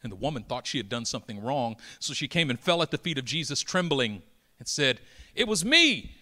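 Bright-voiced preacher building to loud emphasis. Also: male voice, mid-range voice, fairly quick. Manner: dramatic, swings from hushed to loud building emphasis; acts out the voices of Bible characters. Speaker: pastor. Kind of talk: sermon.

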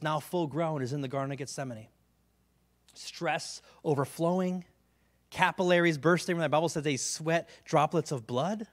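Conversational pastor, slightly high voice. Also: male voice. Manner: conversational, keeps asking the crowd "right?"; drops to a quiet, hushed delivery on key words. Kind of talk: sermon.

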